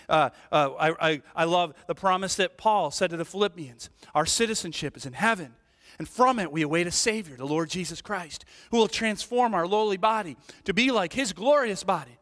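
A man's voice: high-pitched, fairly quick. A middle-aged man preaching a sermon, telling stories with playful asides and checking in with the congregation. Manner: animated storytelling, playful asides, rhetorical "right?". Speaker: pastor. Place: church sanctuary. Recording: long reverb of a large hall.

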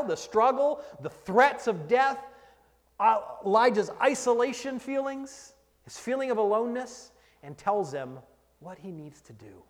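A man preaching a sermon as pastor, moving between hushed whispers and loud shouted refrains. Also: high voice. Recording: long hall reverb.

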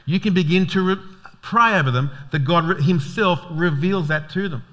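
A man preaching a sermon as a pastor, telling stories with lively quoted voices and chuckles. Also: high-pitched, moderate pace.

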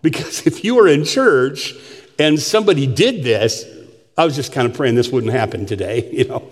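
A man preaching a sermon, animated and joking, asking the congregation questions. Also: mid-range voice, moderate pace. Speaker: pastor. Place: church sanctuary. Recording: long hall reverb.

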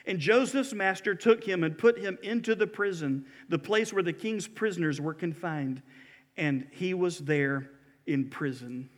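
A man preaching a sermon in a church, telling a story in an animated, emphatic way. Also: sits high, unhurried, big-room sound. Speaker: pastor. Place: church building.

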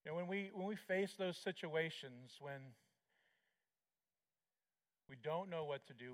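Man preaching, kinda high voice, slow and reflective, little ums here and there. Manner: measured, reflective, with small hesitations. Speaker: pastor. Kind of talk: sermon.

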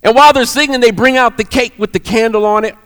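A man telling a story in a sermon, animated and often repeating words. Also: extremely high pitch, fast, big-room sound.

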